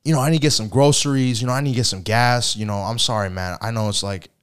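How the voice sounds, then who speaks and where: A man voicing a sheepish male friend who keeps asking to borrow money, talking in a rushed, wheedling way. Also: mid-range voice, clean tone, lightly acted. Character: pushy young male moocher friend, sheepish.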